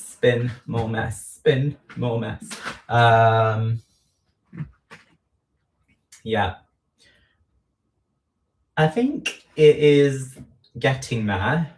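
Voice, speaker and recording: Slow-talking man in an echoey kitchen. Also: mid-range voice, a little hiss or hum. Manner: slow, rambling, self-deprecating, many ums. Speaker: home baker livestreaming. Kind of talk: casual livestream chat while frosting a cake. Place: home kitchen. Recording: echoey room, voice far from mic.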